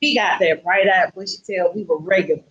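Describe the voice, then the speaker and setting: Husky Southern woman telling a story. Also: medium pitch, brisk, muffled recording. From Atlanta, USA. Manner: lively, acts out quoted voices. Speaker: guest. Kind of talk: casual storytelling.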